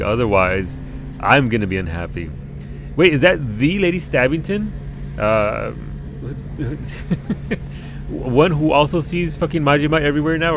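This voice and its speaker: A man chatting casually on a live game stream at home, rambling, swearing freely and laughing often. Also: medium pitch.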